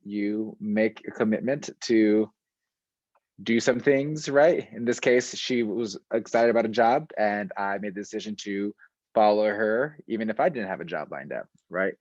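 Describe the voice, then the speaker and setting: A man with a fairly low voice answers interview questions in a loose, slang-filled way, full of "um"s and "like"s. The sound is dull and lo-fi and very dry, like a video call. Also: no echo. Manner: relaxed and slangy, many fillers. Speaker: school administrator.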